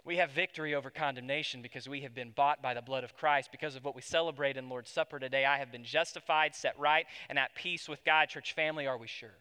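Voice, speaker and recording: A pastor preaching a sermon to his congregation, swinging between loud emphasis and hushed tones. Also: mid-range voice, steady tone, quick pace, few pauses, clean tone. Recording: long hall reverb.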